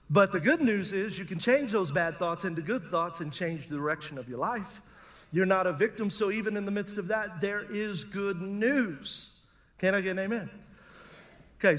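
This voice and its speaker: High-voiced preaching man. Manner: lively call-and-response preaching with humor. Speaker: pastor. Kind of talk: sermon. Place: church service.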